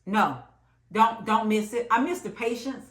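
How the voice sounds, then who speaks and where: Bright-voiced woman telling a storytime. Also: a little high, unhurried. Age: late 30s. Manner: animated, emphatic storytelling with repeated phrases. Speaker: vlogger. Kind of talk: storytime monologue. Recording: echoey room.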